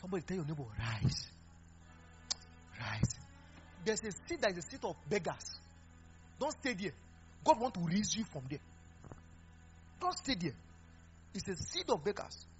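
Animated high-voiced preacher, lo-fi. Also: male voice, normal speed, long pauses. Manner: animated, mixing Pidgin, laughing and exhorting. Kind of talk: sermon. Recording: dull lo-fi recording with faint music.

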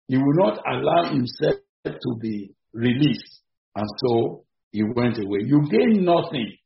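A man preaching an evening sermon in an emphatic, repetitive way, with sudden rises in pitch and loudness. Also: creaky. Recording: echoey, dull-sounding room recording.

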